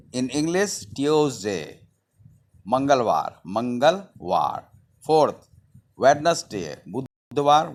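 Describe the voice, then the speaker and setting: Slow-talking man spelling out words. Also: mid-range voice. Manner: repeats each word several times, spelling it letter by letter. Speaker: Hindi teacher.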